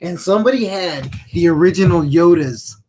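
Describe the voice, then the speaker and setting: A man's voice: high voice, lively intonation, moderate pace, a little mellow, slight background noise. A man co-hosting a podcast, talking casually and hesitantly as he searches for words. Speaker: podcast co-host. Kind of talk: casual chat.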